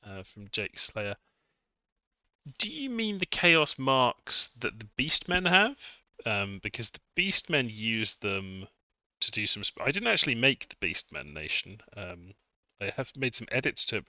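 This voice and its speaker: A low-pitched man with a very bright, forward tone talks through a game session in a loose, chatty way, muttering asides and poking fun at himself. The sound is dry and close, a little dull and lo-fi, like a basic desk mic. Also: animated, moderate pace, no echo. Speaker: game modder streaming a test session. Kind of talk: casual live-stream commentary.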